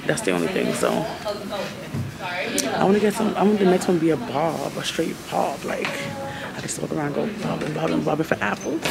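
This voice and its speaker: A woman's voice: deep voice, wildly swooping pitch, moderate pace, vocal fry, over a noisy crowd, rough recording. A woman vlogging from a doctor's office into a phone held close, rambling and giggly, sometimes half-whispering. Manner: rambling, giggly, self-mocking; talking half-whispered at times. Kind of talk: casual vlog chat.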